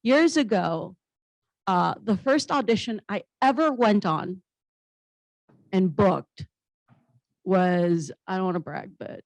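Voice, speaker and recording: A woman's voice: medium pitch, expressive, slow pace, vocal fry, pauses often, no echo, poor audio. A woman comedian and actress on a panel, telling stories in a blunt, humorous, candid way and swearing casually. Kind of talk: candid conversational storytelling.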